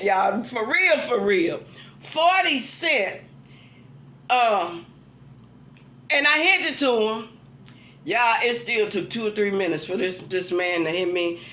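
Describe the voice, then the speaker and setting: A woman's voice: a little high, reverberant. A woman telling a story to her viewers, exasperated and laughing as she vents. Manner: animated, exasperated, laughing while venting. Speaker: vlogger. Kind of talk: casual storytelling rant.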